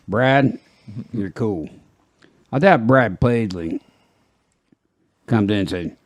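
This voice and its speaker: A man's voice: lowish voice, lively intonation, very slow, pauses often, dry recording, clean studio sound. An older man hosting a casual group chat, joking and laughing often. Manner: jokey, laughs often, slips into put-on voices. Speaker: podcast host.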